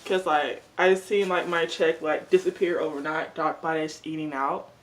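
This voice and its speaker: A woman's voice: low-pitched, fairly even intonation, normal speed, slight background noise. A young woman in a casual, rambling chat while she eats, using "like" a lot. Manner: chatty, rambling, lots of "like". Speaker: mukbang vlogger.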